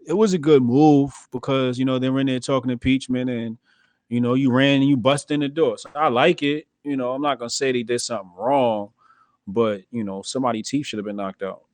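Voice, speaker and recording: A male podcast host with a medium-pitched voice gives blunt, profane commentary and breaks into laughter often. The sound is dry and close, with no room echo. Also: fairly even intonation, brisk, a little mellow.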